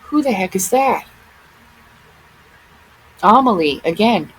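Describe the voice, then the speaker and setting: A woman's voice: medium pitch, animated, slow pace, a little hiss or hum, poor audio. A woman vlogger giving casual commentary on photos, often exclaiming in amazement.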